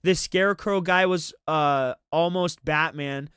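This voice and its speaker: Male streamer, slightly high and resonant voice, casual rambling commentary with swearing and restarts, dry close sound. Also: measured pace, fairly bright tone, clear, resonant tone, dry recording. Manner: rambling, profane, frequent restarts.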